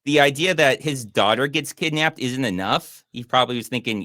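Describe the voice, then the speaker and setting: A man's voice: medium pitch, moderate pace, bright, forceful tone, no echo, clean studio sound. A man hosting a casual movie review show, making sarcastic, mocking comments about a film. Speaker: podcast host and movie reviewer.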